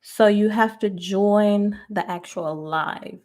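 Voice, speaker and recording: A woman hosts a casual live-stream chat at a slow, easy pace, in a middle-pitched voice. She laughs often, greets her viewers by name, and sometimes drops to a near whisper for an aside. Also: a little mellow. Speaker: host of a live relationship podcast.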